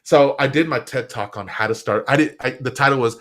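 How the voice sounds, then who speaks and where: A man, a guest on a live stream show, chatting casually and acting out the quotes in his stories. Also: brisk. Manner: animated storyteller, acts out quotes with big pitch jumps. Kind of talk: casual interview chat. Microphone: live stream setup.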